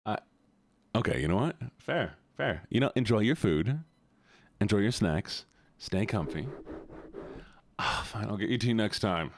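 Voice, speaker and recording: A man's voice: on the low side, animated, a little slow, pauses often. A man streaming a game, chatting playfully and talking to his viewers as if they were pets. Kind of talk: casual chat while gaming.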